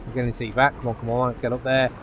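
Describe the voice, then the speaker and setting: A man giving live commentary over his own online shooter match, dropping to low muttering and then yelping loudly when the action heats up. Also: very fast, narrow, tinny audio, slight background noise. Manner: excitable, swings from low muttering to loud yelps. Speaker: gaming YouTuber.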